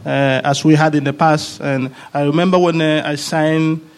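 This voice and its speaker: Man, former player on a panel, halting delivery, repeats himself, voice a bit high. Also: flat delivery. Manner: halting, repeats words while searching for them. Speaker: guest, former player of the club. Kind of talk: casual panel chat.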